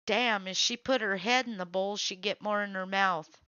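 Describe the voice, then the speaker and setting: Blunt, bright-voiced woman reacting to videos. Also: mid-range voice, clear, resonant tone, no room sound, highs cut off. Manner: blunt, reactive, quick to say nope. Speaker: host. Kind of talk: casual running commentary while scrolling videos.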